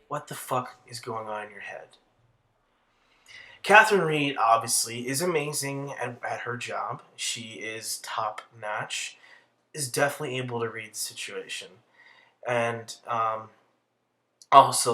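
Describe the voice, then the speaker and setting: A man's voice: mid-range voice, sharp tone. A young man giving casual, rambling video commentary with heavy swearing and crude asides. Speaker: commentary channel host.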